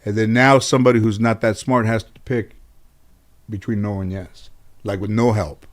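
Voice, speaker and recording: A middle-aged man from the Los Angeles area, a talk show host telling comic stories about his childhood, animated and swearing freely. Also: on the low side, moderate pace. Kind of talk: comic storytelling.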